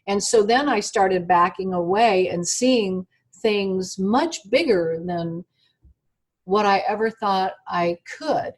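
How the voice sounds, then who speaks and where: Husky older woman telling a story. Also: mid-range voice, takes it slowly. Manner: animated storyteller, acts out quoted dialogue. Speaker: interview guest. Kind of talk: personal storytelling in an interview.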